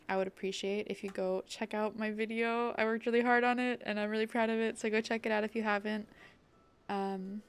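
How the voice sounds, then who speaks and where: A young woman streaming a game, chatting casually in a bubbly, excitable way full of "like.". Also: fairly high pitch, smooth. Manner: bubbly and excitable, many likes.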